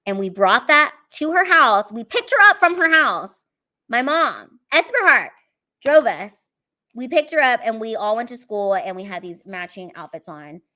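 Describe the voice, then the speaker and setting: A woman's voice: a little high, expressive, normal speed, bright, forceful tone. A young woman chatting casually on a livestream, tearful and emotional, rambling and swearing freely. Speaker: comedian livestreaming to fans.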